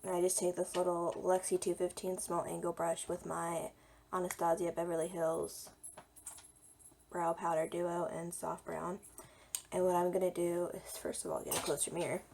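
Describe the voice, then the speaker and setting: Slightly hoarse, gravelly-voiced young woman. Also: fairly low pitch, monotone, normal speed, darkish tone, slight background noise. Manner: chatty, talks while applying makeup. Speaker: beauty vlogger. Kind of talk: casual makeup tutorial.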